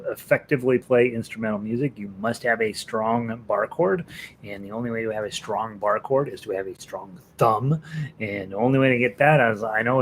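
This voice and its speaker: A middle-aged man teaching a casual live-stream ukulele class, chatty and joking with students, counting in the tunes. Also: medium pitch. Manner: counts in and calls out notes while playing.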